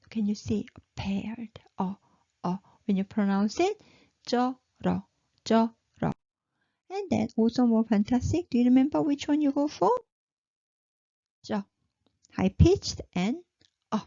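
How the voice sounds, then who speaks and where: A woman's voice: fairly high pitch, gravelly, warm tone, no room sound. A woman teaching pronunciation, saying each syllable three times and praising her learners. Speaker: Korean language teacher. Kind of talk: slow, drilled pronunciation lesson. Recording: slightly dull, lo-fi recording.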